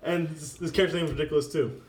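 A man's voice: fairly high pitch, rapid-fire, reverberant. A man co-hosting a casual movie podcast, recapping the plot with frequent laughs. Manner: laughs often, animated recapping. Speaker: podcast co-host.

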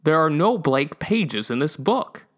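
A gloomy leader of odd creatures, slow and raised in pitch, warning that the end is near, as a man puts him on for a story reading. The voice swings widely between lines, deliberate and mournful. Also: sing-song, fairly bright tone. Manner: slow, high, doom-laden. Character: gloomy leader of strange dwellers, male.

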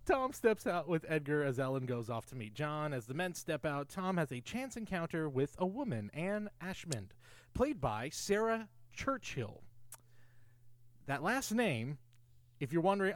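Male podcast co-host, casual film chat, fairly high voice, very animated, dry close sound. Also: unhurried, no room sound. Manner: enthusiastic, recaps plot and trivia.

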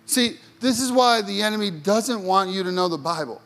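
A man's voice: sits high, animated, moderate pace, a bit bright. A man preaching a sermon in a chatty storytelling way, asking the congregation questions as he goes. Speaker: pastor.

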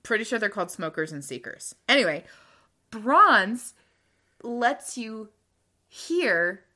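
A woman's voice: a little high, sing-song, slow pace, pushed and bright. A woman co-hosting a casual book podcast, explaining things eagerly and laughing often. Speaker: podcast co-host. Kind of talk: casual book-club chat.

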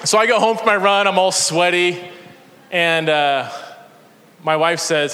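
Bright-voiced man preaching in reverberant church. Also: sits high, a little slow, long pauses, a little hiss or hum. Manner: energetic storytelling with self-deprecating humor. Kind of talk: sermon. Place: church sanctuary. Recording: long church hall reverb.

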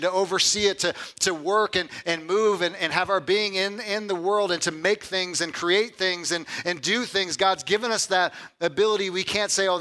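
Male pastor, bright and fairly high voice, chatty sermon delivery, emphatic lists. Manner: conversational preaching, often adds "right?"; builds to loud emphatic lists.

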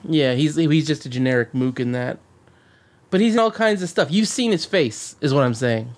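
A man co-hosting a podcast, chatting casually and excitedly about a movie, swearing and rambling with many restarts. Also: a little high, normal speed. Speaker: podcast co-host.

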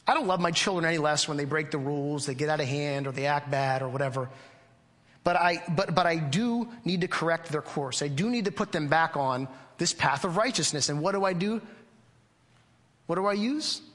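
A man's voice: a little high, brisk, fairly bright tone. A middle-aged man preaching a sermon to his congregation, earnest and conversational, often asking the listeners questions. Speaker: pastor. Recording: long hall reverb.

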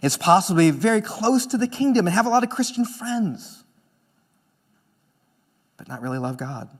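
A man preaching with a notably high voice. He is an earnest pastor, pressing some points hard and dropping to a hush on others. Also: big pitch swings, moderate pace. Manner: earnest preaching, swings between emphatic and hushed. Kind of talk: sermon.

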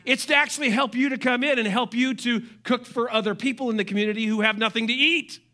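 A middle-aged man preaching a sermon as pastor, animated, with joking asides and quoted voices. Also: extremely high pitch, fast talker.

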